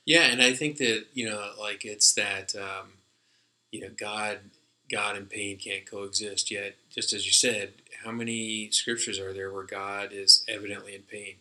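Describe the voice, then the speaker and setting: A man's voice: on the low side, fairly even intonation, measured pace, pushed and bright, rough recording. A man co-hosting a casual discussion, rambling with many fillers and restarts as he thinks aloud. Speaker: podcast co-host.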